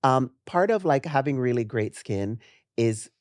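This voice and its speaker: A man in his late fifties from the West Indies, a guest makeup artist chatting casually, animated and laughing, with drawn-out emphasis on key words. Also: medium pitch, dry recording, clean studio sound. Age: 50s. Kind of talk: casual interview chat.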